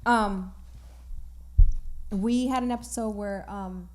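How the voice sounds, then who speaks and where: A woman's voice: medium pitch, steady tone, slow pace. A woman co-hosting a casual podcast chat, telling stories animatedly and laughing often. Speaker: podcast co-host.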